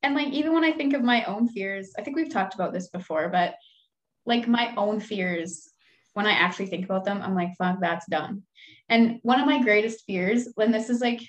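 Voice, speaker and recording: A woman's voice: mid-range voice, a little fast, highs cut off. A young woman speaks in a loose, conversational way. She is frank and self-deprecating and swears freely. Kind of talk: casual chat.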